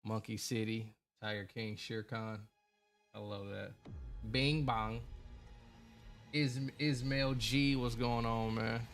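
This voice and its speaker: A man's voice: mid-range voice, fairly even intonation, takes it slowly, pauses often, a bit bright, faint music behind. A young man hosting a casual late-night gaming livestream, greeting viewers by name in a laid-back, colloquial way. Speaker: gaming streamer.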